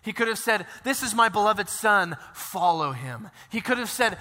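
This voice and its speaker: High, bright-voiced male pastor preaching. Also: a little slow, in a large hall. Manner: conversational, animated storytelling with asides. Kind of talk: sermon.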